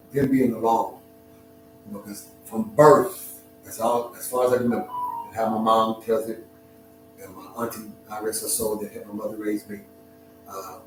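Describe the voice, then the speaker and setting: Searching for words, a middle-aged man with a medium-pitched voice stops and starts as he tells an emotional, reflective story about himself. Clear music plays behind him, and his voice, distant from the mic, echoes heavily around the room.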